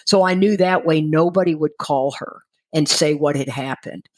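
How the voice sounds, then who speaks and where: A woman's voice: low voice, normal speed, rough recording. A middle-aged woman from Texas sharing her personal recovery story candidly, acting out the dialogue of the people in it. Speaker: guest speaker in recovery.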